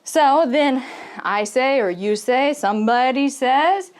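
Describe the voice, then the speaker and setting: A young woman teaching English pronunciation, telling stories in an animated way and laughing often. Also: high-pitched, slow. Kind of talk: casual teaching to camera.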